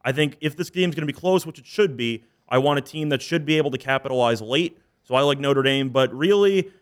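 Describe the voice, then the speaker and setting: A man's voice: medium pitch, a little fast, clean tone. Man laying out a betting case. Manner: methodical, explains picks with stats. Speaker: panelist. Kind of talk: casual sports betting chat.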